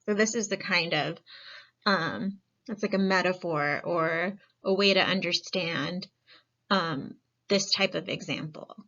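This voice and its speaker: A woman giving a calm, coaxing life skills lesson. She asks the listener many reflective questions and often says "um". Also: fairly low pitch, unhurried, lo-fi sound. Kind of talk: gentle reflective lesson talk.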